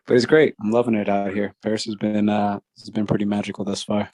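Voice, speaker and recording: Playful low-voiced man guest. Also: little pitch movement, fast, darkish tone, dry recording. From Toronto. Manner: playful, joking, chatty. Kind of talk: casual podcast chat.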